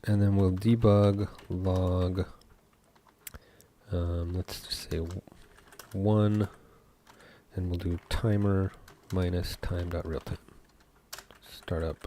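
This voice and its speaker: A game developer talks through his code in a deep, mellow voice. He goes slowly, thinking aloud with stops and fillers, while faint keyboard typing runs behind him. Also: a little hiss or hum. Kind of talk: live coding commentary.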